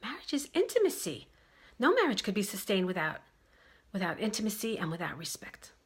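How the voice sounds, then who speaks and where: A woman's voice: mid-range voice, huge pitch swings, a little fast, husky. A woman from Brooklyn, giving relationship advice in an emphatic monologue that repeats its key phrases. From Brooklyn, New York.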